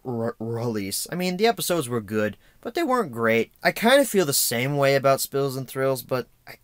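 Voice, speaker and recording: A man's voice: medium pitch, fairly bright tone, dry recording. A young American man giving an unscripted, rambling video review with sarcastic, self-mocking asides. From United States.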